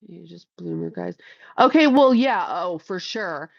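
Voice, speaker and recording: A woman's voice: mid-range voice, expressive, unhurried, vocal fry, no echo. Middle-aged woman hosting a stream, crude and chatty, slightly lo-fi mic. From Ohio, USA. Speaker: livestream host reading chat. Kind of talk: casual livestream chat.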